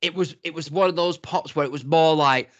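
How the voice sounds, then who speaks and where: A man's voice: on the high side, brisk, highs cut off. A man co-hosting a wrestling review podcast, chatting casually and rambling with lots of restarts. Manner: rambling, hesitant, quotes people in animated voices. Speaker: podcast co-host. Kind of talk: casual chat.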